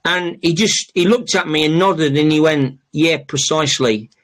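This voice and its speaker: A middle-aged man hosts a podcast, casually telling stories full of fillers, restarts and swearing. His voice is a little high, with fairly even intonation at a normal speed.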